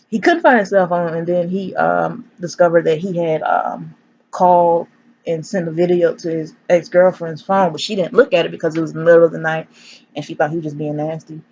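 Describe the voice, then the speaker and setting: Woman, casual profane movie reviewer who acts out scenes; gravelly, lo-fi recording with faint hiss. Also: lowish voice, a little mellow. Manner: rambling, profane, acts out characters. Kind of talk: casual spoiler recap. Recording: dull lo-fi sound, faint hiss.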